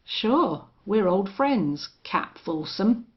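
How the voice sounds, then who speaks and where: A woman voicing a cold, gentle gunman. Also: mid-range voice, very animated, very slow. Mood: cold calm. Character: cold soft-spoken male gunman. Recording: dull lo-fi audio.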